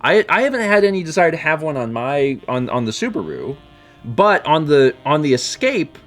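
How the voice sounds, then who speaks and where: A man's voice: fairly high pitch, big pitch swings, normal speed, a bit bright, soft background music. A man streaming a video game, chatting casually and rambling with frequent self-corrections. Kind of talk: casual gameplay chat.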